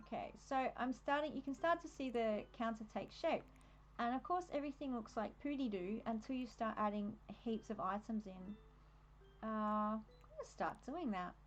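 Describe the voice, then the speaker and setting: A chatty young Australian woman talks her way through a live stream, her voice sitting a little high. She is easily distracted and laughs often. A faint hiss of noise sits under her voice. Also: lo-fi sound. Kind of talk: casual live-stream commentary while decorating.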